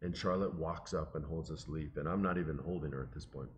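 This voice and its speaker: A middle-aged man casually telling an emotional, animated story and quoting the people in it. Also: extremely low pitch, a little fast. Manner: animated, emotional, quotes people in his stories.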